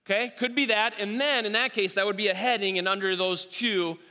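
Man preaching in a reverberant hall, high pitch, lively and repetitive, acts out the quotes. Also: a little fast. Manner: animated, acts out quoted voices, repeats himself. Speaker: pastor. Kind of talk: sermon.

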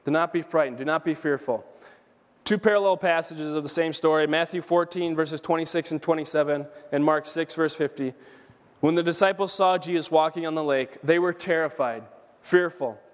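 In a church sanctuary, a male pastor with a voice on the high side delivers an earnest, emphatic sermon at a moderate pace. He repeats key phrases for emphasis, and the recording carries a long hall reverb.

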